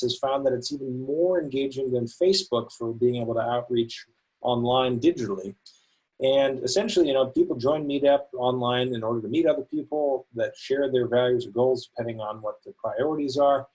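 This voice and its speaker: A man with a slightly husky, mid-pitched voice co-presents a webinar. He is enthusiastic and keeps an easy, conversational flow, dropping in frequent uhs. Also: moderate pace, darkish tone, poor audio. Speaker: volunteer education coordinator.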